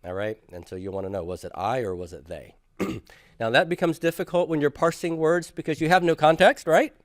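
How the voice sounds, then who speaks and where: A man's voice: fairly high pitch, fairly even intonation, fairly quick, no room sound, clean studio sound. Patient man teaching a grammar lecture. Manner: patient, drills students in chanted repetition. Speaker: Greek teacher. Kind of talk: classroom lecture.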